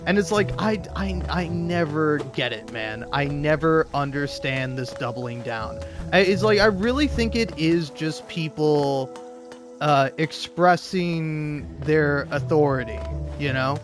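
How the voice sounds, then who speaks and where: A young man with a slightly high voice rants through a casual story, stumbling over restarts and fillers and swearing freely. Faint music plays underneath. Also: lively intonation, measured pace. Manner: rambling, many restarts and fillers, profane. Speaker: podcast host. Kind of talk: casual ranting anecdote.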